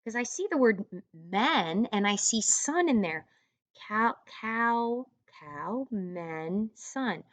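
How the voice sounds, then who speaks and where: A woman teaching an online first grade reading lesson, encouraging young children and sounding out words slowly. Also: mid-range voice, animated, no echo.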